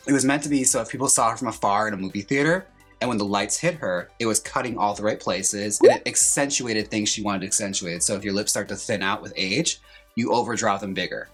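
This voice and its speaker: A man's voice: fairly low pitch, fairly quick, slightly rough, soft background music. A young man who is a drag queen, chatting campily and theatrically while doing a makeup tutorial. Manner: chatty, campy, theatrical asides. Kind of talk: casual makeup tutorial chat.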